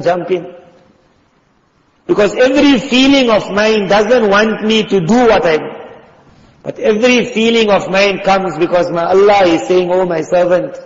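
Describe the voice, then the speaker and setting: A man preaching a sermon with passion, acting out the voices he quotes and dropping at times to hushed tones. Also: high voice. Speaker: Islamic preacher. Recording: dull sound in a reverberant hall.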